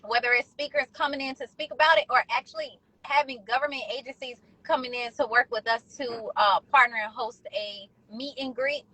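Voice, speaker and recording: High, bright-voiced woman co-host. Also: brisk, few pauses, no room sound, low-quality recording. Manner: animated, slangy, persuasive. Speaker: podcast co-host. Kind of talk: casual live-stream chat.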